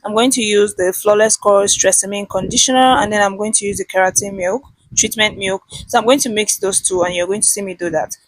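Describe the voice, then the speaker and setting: A woman's voice: medium pitch, steady tone, fairly quick, no room sound. A woman giving a casual step-by-step hair tutorial as a voice-over, chatty and direct. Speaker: vlogger.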